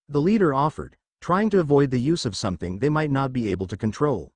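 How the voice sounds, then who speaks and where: Brief: male fan story narrator, animated pitch, dry close sound. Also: fast, few pauses, breathy edge, no echo. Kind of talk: fan fiction reading.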